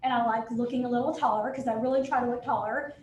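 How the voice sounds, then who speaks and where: Chatty high-voiced woman, echoey room. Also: fast, slight background noise. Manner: chatty, candid, quotes people in lively asides. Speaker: real estate agent. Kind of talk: casual panel talk.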